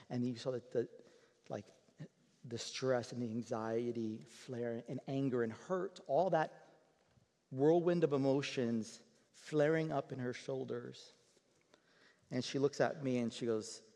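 Male pastor, mid-pitched, chatty storytelling sermon with frequent restarts, recorded in a big reverberant hall. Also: steady tone, moderate pace, darkish tone. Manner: conversational, repeats words as he restarts.

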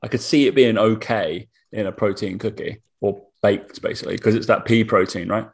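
An easygoing young man who laughs readily and chats casually. His voice sits fairly low, and he talks in a relaxed way. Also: normal speed, gravelly. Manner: easygoing, laughs often, reads out labels. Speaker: co-host. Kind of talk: casual chat.

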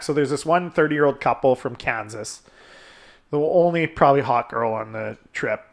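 A man's voice: a little high, animated, normal speed, a bit bright. A man hosting a podcast, telling a crude story in casual chat, laughing often and swearing freely. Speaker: podcast host.

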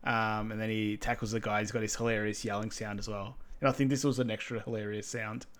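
A man's voice: on the low side, fast. A man co-hosting a podcast, chatting casually and easygoing about a movie scene. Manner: relaxed, easygoing, short agreeing replies. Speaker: podcast co-host. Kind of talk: casual film recap chat.

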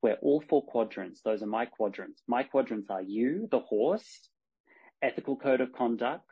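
A man, a horsemanship coach talking as a podcast guest, animated and acting out the lines in his stories. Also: mid-range voice, normal speed, breathy edge. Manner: animated storyteller, acts out dialogue. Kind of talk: podcast conversation. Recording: dull lo-fi podcast sound.

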